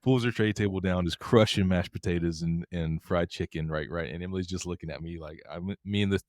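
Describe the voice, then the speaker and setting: Podcast co-host, middle-aged man, low voice, quick animated storyteller, dry close mic. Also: no echo. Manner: animated, laughing, acts out quotes. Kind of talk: casual storytelling chat.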